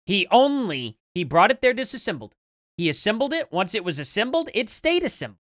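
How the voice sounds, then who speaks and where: Combative streamer demanding proof, lively pitch. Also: a little fast, no echo, clean studio sound. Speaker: livestream host reacting to clips. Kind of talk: live reaction commentary.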